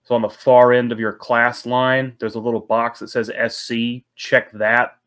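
A man's voice: mid-range voice, little pitch movement, moderate pace, a bit bright, clean tone. A man playing a tabletop game, explaining his character setup in an eager, rambling way with many restarts. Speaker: player. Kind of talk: casual chat at a game table.

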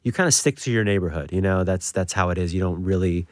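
A man, a singer and actor, talking casually as a radio guest, relaxed and chatty, often restarting his sentences. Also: deep voice, fast talker, no echo, studio quality.

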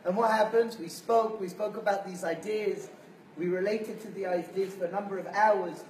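A man giving an animated sermon-style lecture as a rabbi, telling stories and acting out voices. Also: high-pitched, moderate pace. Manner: animated storyteller, acts out voices. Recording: roomy, distant mic, faint hiss.

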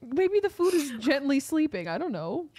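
A woman's voice: high voice, big pitch swings, moderate pace, warm tone, a little hiss or hum. A young woman streaming a game in casual chat, giggling constantly and chaotic. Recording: faint background game music.

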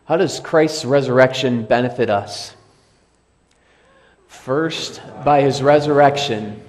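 A pastor giving a sermon in a church, speaking conversationally and repeating key phrases for emphasis. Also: male voice, mid-range voice, slight background noise. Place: church sanctuary.

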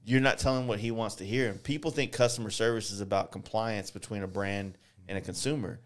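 A man's voice: fairly low pitch, steady tone, brisk. A man from Texas hosting a podcast in casual chat, blunt and opinionated, with plenty of swearing. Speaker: podcast host.

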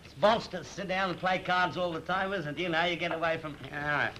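A cheeky working-class king, all slang and bluster. His voice sits high and sounds very bright and sharp, rattling on in old-time film comedy fashion. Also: fairly even intonation, fairly quick, slight background noise, poor audio. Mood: boisterous. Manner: chatty, bossy, full of slang. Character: excitable working-class man made king, cheeky and boisterous.

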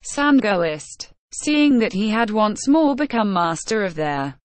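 A woman's voice: medium pitch, sing-song, no room sound. A woman reading a classic novel aloud as an audiobook narrator, voicing the dialogue in her own voice. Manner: measured, unhurried reading.

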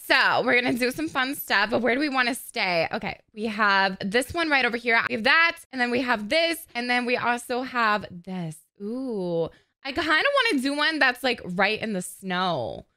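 Loud, excitable woman gamer. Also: a little high, moderate pace. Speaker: gaming host. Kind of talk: casual gameplay commentary.

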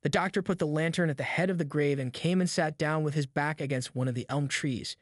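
A man reading a novel aloud in steady, measured audiobook narration. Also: a little high, no echo, studio quality.

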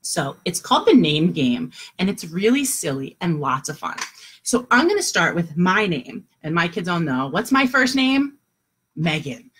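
A middle-aged woman teaching kindergartners over a video call at home, with a lively, sing-song teacher voice. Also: fairly low pitch, moderate pace, breathy edge. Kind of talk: online morning class for young children.

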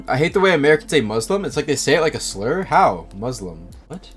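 A man streaming a video game live, talking to chat in an animated, incredulous way. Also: on the high side, a little fast, soft background music. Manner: animated, incredulous, thinks aloud. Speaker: gaming streamer. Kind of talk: live gameplay commentary and chat reading.

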